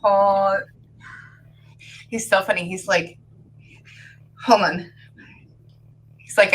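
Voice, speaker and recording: A woman working as a psychic medium, giving a chatty, excitable reading to a client over a call. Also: mid-range voice, slow, long pauses, a little hiss or hum. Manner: excitable, chatty, filler-heavy.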